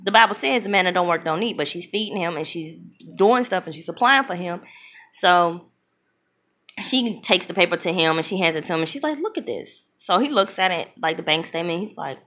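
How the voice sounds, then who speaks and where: A woman casually retelling a film's plot as a reviewer, blunt and opinionated, slipping into quick voices for the characters. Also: lowish voice. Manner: animated, acts out characters' lines in quick voices. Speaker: movie reviewer.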